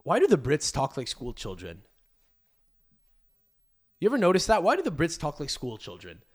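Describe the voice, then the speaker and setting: Male podcast host, fairly high voice, crude rambling rant. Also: wildly swooping pitch, normal speed, long pauses, husky. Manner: crude, rambling, restarts a lot. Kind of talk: casual rant.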